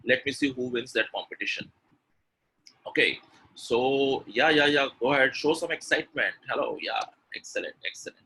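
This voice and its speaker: A husky, mid-range male voice at normal speed leads a live pronunciation webinar, and the audio is poor. He's a spoken English trainer with an Indian English accent who energetically repeats words, drills sounds aloud, and asks the audience to type their replies in the chat.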